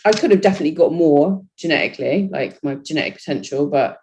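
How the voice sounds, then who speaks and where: A woman's voice: low voice, lively intonation, quick pace, darkish tone, a little hiss or hum. Chatty woman, casual podcast guest. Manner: chatty, peppers talk with "you know". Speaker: wellness bodybuilding competitor, podcast guest. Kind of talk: casual chat.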